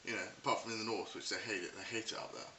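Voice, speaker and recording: A man's voice: fairly low pitch, steady tone, racing, sharp tone. A Scottish man in a casual comedic monologue, wry and mocking, rambling with fillers. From Scotland. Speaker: vlogger. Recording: roomy, distant mic with hiss.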